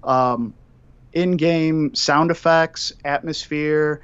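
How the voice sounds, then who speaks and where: A man's voice: a little high, fairly even intonation, drawn-out words, fairly bright tone, smooth, dry recording. A rambling man on a dull call-in line. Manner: rambling, with many fillers. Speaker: guest calling in. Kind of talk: casual chat.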